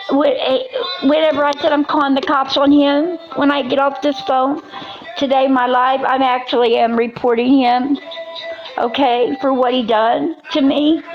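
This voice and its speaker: A hoarse woman ranting on a livestream, her high voice gravelly and strained as she repeats herself and shifts between yelling and prayer. The sound is dull and lo-fi, with a faint hiss behind her. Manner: agitated, repetitive, yelling then praying. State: hoarse, coughing. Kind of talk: emotional livestream rant.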